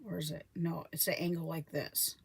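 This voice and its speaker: Low-pitched and slightly rough with vocal fry, this homesteading vlogger speaks at normal speed on a casual live stream about her homestead. She rambles and corrects herself, putting on lively voices when quoting others.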